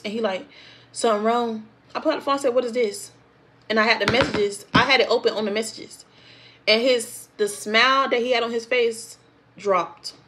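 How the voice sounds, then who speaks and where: A young woman with a voice on the high side is a storytime vlogger, telling her own story straight to her viewers. She's animated and conversational, slipping into the voices of the other people in the tale as she quotes them.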